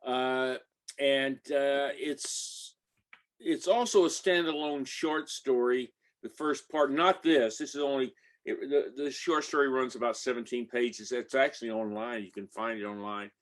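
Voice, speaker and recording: A man's voice: mid-range voice, steady tone, measured pace. A man in his eighties or older, an author reading the opening of his book aloud, hesitant with many fillers when he talks off the page. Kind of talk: reading a memoir-style story aloud.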